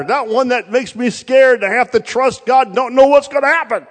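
A man preaching a sermon, telling stories and acting out short exchanges, his delivery swinging from loud, raised lines to hushed asides. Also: very high voice, normal speed, few pauses, in a large hall. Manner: storytelling with acted-out voices, swinging between loud and hushed.

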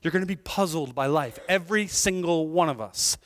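A male pastor preaching a sermon in a church, conversational and animated, with jokes and asides to the congregation. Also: fairly high pitch, brisk, in a large hall. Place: church sanctuary.

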